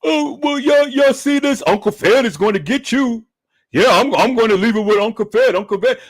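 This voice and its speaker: A man's voice: very high-pitched, lively intonation, moderate pace, voice pushed up. A man mimicking another grown man who dodges questions, in a taunting, repetitive way. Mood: whiny. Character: whiny mocked grown man dodging questions.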